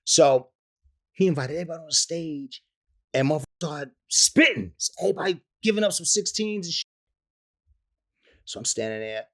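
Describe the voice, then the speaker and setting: Animated New man telling a story. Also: medium pitch. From the Bronx, New York. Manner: profane, acts out voices, laughs often. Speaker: rapper interview guest.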